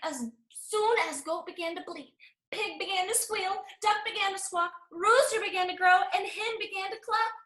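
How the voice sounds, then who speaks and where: A woman reading a picture book aloud to children in an expressive storytime voice. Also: very high voice, moderate pace. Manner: animated, expressive. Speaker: storytime reader. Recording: roomy echo.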